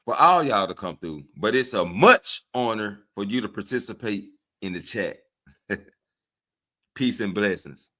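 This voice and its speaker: A man with a Southern US accent hosting a casual livestream, speaking to his viewers in an animated, preachy way and often checking in with them. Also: fairly low pitch, a little slow. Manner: animated and preachy, often asks "right?" of listeners. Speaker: livestream host. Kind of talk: casual livestream talk to chat.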